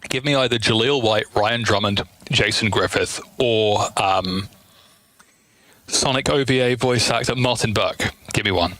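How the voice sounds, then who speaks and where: A man chatting casually on a stream from his room, animated and talkative, speaking into a headset. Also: lowish voice, a little slow. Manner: animated and chatty, speeding up in asides. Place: home room at night.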